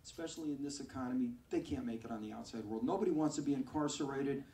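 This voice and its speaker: Self-mocking stand-up comic, echoey club. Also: male voice, mid-range voice, fast talker, slight background noise. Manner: deadpan self-mocking one-liners. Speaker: stand-up comedian. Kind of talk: stand-up comedy set. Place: comedy club stage. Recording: echoey club, far from mic, crowd.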